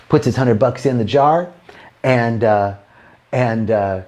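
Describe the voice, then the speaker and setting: A man's voice: mid-range voice, takes it slowly, a little mellow. Rambling man telling jokes on a livestream. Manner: rambling, restarts lines, laughs at his own jokes. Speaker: host telling jokes to a live online audience. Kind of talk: casual joke-telling on a livestream.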